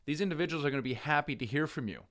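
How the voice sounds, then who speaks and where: A man teaching real estate investing straight to camera, persuasive and energetic, restarting phrases as he goes. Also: fairly high pitch, racing. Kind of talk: direct-to-camera teaching talk.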